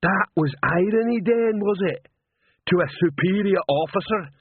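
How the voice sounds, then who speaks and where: Man voicing a troll watchman, big and dim, slow speech, husky, tinny phone-like audio. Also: sits high, animated, no echo, pitched above the performer's own voice. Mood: plodding. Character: slow-witted hulking male troll watchman. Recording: narrow phone-like band.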